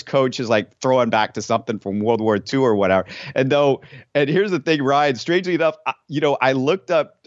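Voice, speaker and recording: A man's voice: mid-range voice, no room sound, lo-fi sound. A man co-hosting a podcast from home, chatting casually about a sitcom episode and adding trivia with chuckles. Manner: conversational, adds trivia, chuckles. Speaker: podcast co-host. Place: home in Houston.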